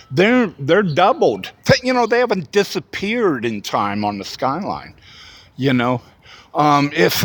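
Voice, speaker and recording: A man's voice: mid-range voice, fairly bright tone. A man giving a casual spoken reflection for his vlog, rambling with many fillers and restarts. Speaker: vlogger.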